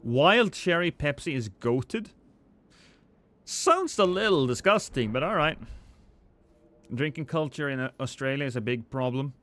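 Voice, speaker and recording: A man's voice: on the high side, expressive, unhurried, long pauses, fairly bright tone. A man streaming a game live, chatting with viewers in a rambling, joking, self-deprecating way.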